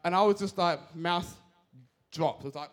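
A young man giving a casual, energetic sermon, talking fast with slang. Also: high voice.

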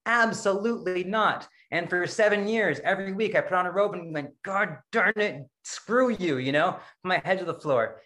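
A middle-aged man giving a casual, rambling dharma talk over a video call, self-deprecating and quick to laugh at himself. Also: on the high side, a bit bright. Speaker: Zen practice leader giving a dharma talk.

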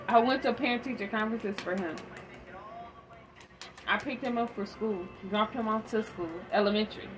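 A woman's voice: on the high side, normal speed, long pauses. A woman telling a candid story in a blunt, emphatic monologue about parenting. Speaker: parenting vlogger. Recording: steady audible background noise.

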